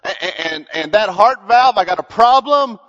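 A man's voice: high-pitched, animated, moderate pace, fairly bright tone. A man preaching a sermon as pastor, building emphasis and slipping into conversational asides. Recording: dull sound with long hall reverb.

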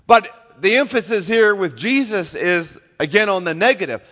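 A man's voice: high-pitched, lively intonation, normal speed, fairly bright tone, big-room sound, muffled recording. A man preaching a sermon, explaining scripture and leaning hard on repeated words for emphasis. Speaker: pastor.

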